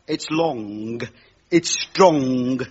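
A man's voice: medium pitch, very slow, breathy edge, voice pushed down. A man playing a cheesy clairvoyant comic host, cracking gags in brash patter. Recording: lo-fi recording with loud audience laughter.

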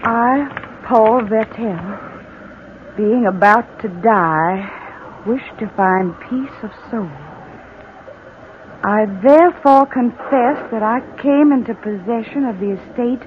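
An actress playing a cold, vengeful young wife who taunts her husband slowly and deliberately, in 1940s radio acting style. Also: a little high. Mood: cool. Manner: calm, taunting, slow and deliberate. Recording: tinny old radio broadcast, faint hiss.

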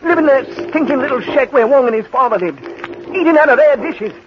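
A man's voice: very high voice, animated, a little fast. An actor playing a stubborn castaway man who keeps pleading with his partner to hold on, in old-time radio drama style. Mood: horrified. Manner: pleading, insistent, turning horrified. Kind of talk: 1940s radio acting. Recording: lo-fi old radio broadcast with faint hiss.

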